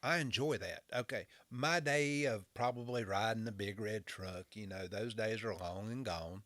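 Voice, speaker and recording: Heard with no echo, a fairly low, slightly bright male voice moves at a moderate pace. He's a western North Carolina fire chief in his fifties with a Southern drawl, joking folksily as a podcast guest in casual chat and frequently restarting his words.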